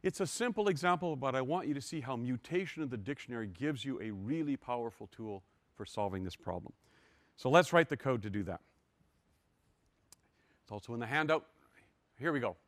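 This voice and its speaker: A man's voice: mid-range voice, lively intonation, a little fast, long pauses, no room sound. An older man giving a university lecture, walking step by step through code with wry, self-deprecating asides.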